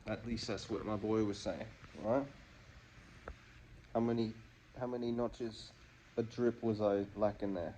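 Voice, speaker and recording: A man's voice: fairly low pitch, steady tone, a little slow, pauses often, dark tone, slight background noise. A rambling, slangy young-sounding comic man. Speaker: comedy vlogger. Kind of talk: joking monologue to camera.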